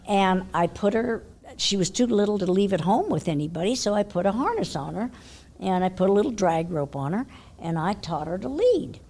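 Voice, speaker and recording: An older woman from California, a horse trainer, telling a long story in a chatty way, laughing often and dropping to a hush for her inner thoughts. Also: medium pitch, creaky. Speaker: interview guest, horse trainer. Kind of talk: casual storytelling.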